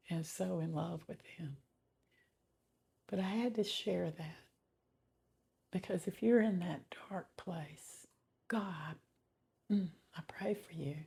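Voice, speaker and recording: A middle-aged woman giving a slow, heartfelt personal faith testimony, often dropping to a whisper. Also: fairly low pitch, fairly even intonation, mellow. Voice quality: gravelly and very husky. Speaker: testimony vlogger.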